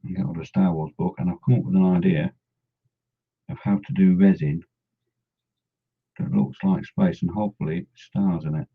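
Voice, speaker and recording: A man paints miniatures and chats casually as he works, rambling, humming and mumbling to himself. His deep, husky voice keeps a steady tone at a normal speed with long pauses, and the lo-fi recording sounds dull.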